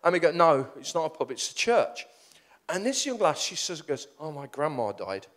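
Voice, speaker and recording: A middle-aged man, preaching in a storytelling sermon, animated and self-deprecating, rambling with restarts. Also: on the high side, normal speed.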